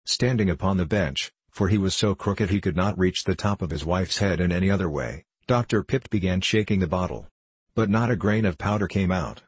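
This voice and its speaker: A man reading a storybook aloud with a measured, expressive narration. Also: deep voice, breathy edge, no room sound. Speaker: audiobook narrator.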